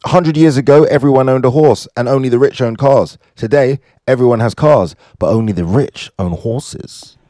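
A man casually reading out fun facts, joking and riffing on them in quick asides. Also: mid-range voice, dry recording. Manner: animated, jokey, asides to himself. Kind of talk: casual fun-fact commentary.

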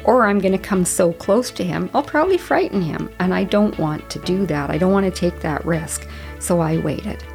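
A woman in her late fifties hosting a podcast, telling a story in an earnest, chatty way and giving gentle advice. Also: fairly low pitch, expressive, normal speed, gravelly, faint music behind. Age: 50s. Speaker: podcast host. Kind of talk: reflective solo storytelling.

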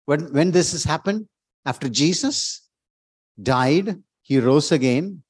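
A man delivers a sermon as a pastor, his voice sitting a little high. He builds to emphatic, loud exclamations and often repeats words as he goes. The sound is close and dry. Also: expressive, takes it slowly, slightly rough, no echo.

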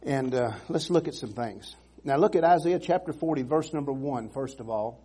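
A man's voice: medium pitch, moderate pace, warm tone, slightly rough. A man preaching a sermon in an earnest, emphatic way, repeating phrases and restarting sentences.

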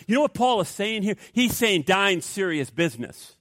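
A man preaching a sermon as pastor, animated, acting out inner voices for his congregation. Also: sits high, normal speed, hardly any pauses, dry recording, studio quality. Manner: animated, acts out voices of flesh and Spirit.

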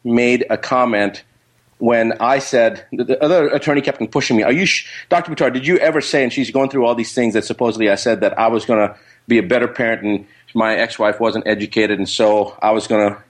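A middle-aged man, a guest, telling a personal story in casual, animated talk, rambling with restarts and quoted dialogue. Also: fairly low pitch, brisk.

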